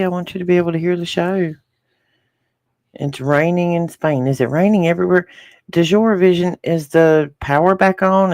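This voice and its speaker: A man's voice: on the high side, darkish tone, no echo, studio quality. A man with a rural Southern American accent, a podcast co-host chatting casually with live viewers and reading their comments aloud.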